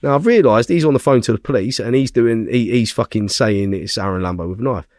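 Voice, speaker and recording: A man's voice: mid-range voice, quick pace, no echo, clean studio sound. A man, a podcast guest telling a story in casual conversation. He swears constantly, talks bluntly and keeps checking in with tag questions. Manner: blunt, heavy swearing, animated retelling.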